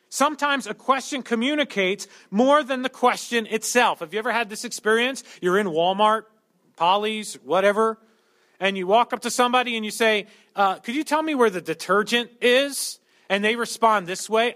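A male pastor delivering a sermon in a high, bright voice. He talks through the text conversationally and breaks it up with joking everyday asides. His tone stays clear and forward. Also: moderate pace. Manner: conversational preaching with humorous asides.

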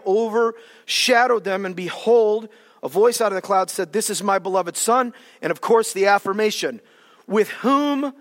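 High-voiced preacher in an echoing hall. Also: male voice. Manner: animated, jokey, dramatic shifts in volume. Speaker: pastor. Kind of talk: sermon.

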